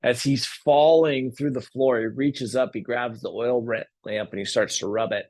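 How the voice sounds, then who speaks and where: A man teaching a yoga class, telling a story in a calm, unhurried way between posture cues. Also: medium pitch.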